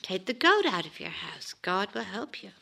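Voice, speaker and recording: A woman voicing a calm, wise old rabbi who gives gentle advice in a story she reads aloud. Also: medium pitch, normal speed, gravelly, exaggerated voice. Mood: serene. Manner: grave, serene, gentle advice.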